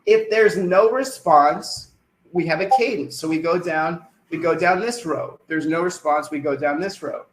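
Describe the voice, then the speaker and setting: A man's voice: fairly high pitch, moderate pace, roomy sound, slight background noise, poor audio. A man giving a webinar sales presentation, putting questions to the attendees and then answering them himself.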